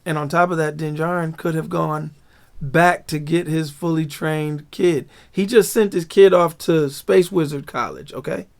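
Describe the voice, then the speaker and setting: A man hosting a casual, animated episode breakdown, full of slang and laughter. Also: a little high, measured pace, vocal fry. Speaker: show recap host.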